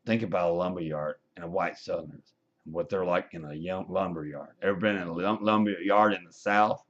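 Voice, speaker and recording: Deep-voiced man ranting profanely on webcam. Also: fairly even intonation, fairly quick, highs cut off. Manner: profane, combative, preachy. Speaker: vlogger.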